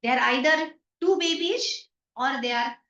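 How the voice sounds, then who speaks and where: A woman's voice: high voice, normal speed, sharp tone. A woman teacher with an Indian English accent, explaining a story in an online class by paraphrasing lines and acting out everyday remarks. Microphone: video call. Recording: echoey, distant, dull online-call audio.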